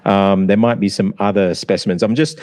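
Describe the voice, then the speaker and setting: Low-voiced Australian pronunciation coach. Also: male voice, steady tone, a little mellow, dry recording, studio quality. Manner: slow, deliberate, sounds out words to demonstrate. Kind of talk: pronunciation analysis.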